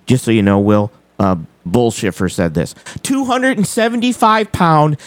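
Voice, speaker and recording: A man's voice: mid-range voice, moderate pace, few pauses, dry recording. A man hosting a live show, commenting on a clip, repeating key points with emphasis. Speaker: host commenting on a played clip.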